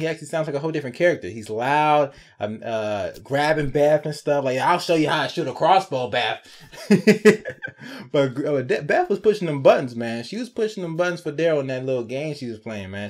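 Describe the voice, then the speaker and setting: A man with a mid-range voice talks through a TV episode in a loose, conversational recap. His delivery is chatty and animated, with sarcastic asides and quick check-ins to the viewer. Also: mid-range voice. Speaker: TV episode reviewer. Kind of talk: casual spoken episode recap and review.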